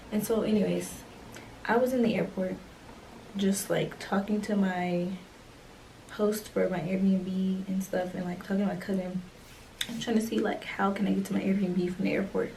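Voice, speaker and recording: A young woman tells a story to her camera at home late at night, chatty and full of slang. Her voice is mellow and soft-edged. It sounds a little distant from the mic, with a light hiss underneath. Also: medium pitch, gravelly. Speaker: vlogger. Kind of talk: casual story time.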